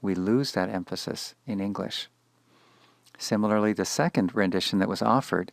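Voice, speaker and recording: A man teaching Hebrew grammar in a measured, explanatory lecture, slowing down to spell out Hebrew words. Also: lowish voice, vocal fry, no room sound, studio quality. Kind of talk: scripted lecture.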